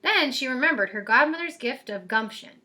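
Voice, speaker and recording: Storyteller: woman, high and bright, lively read-aloud. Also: normal speed. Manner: lively, expressive reading voice.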